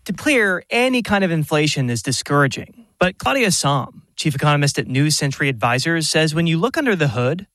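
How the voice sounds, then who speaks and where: A man reporting for radio news, reading a scripted economics story in an even, explanatory way. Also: on the high side, brisk, few pauses, no echo.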